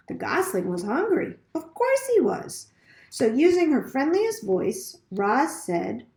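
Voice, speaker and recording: A woman reading a children's novel aloud with expressive storytelling. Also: high voice, slow pace, reverberant. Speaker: reader.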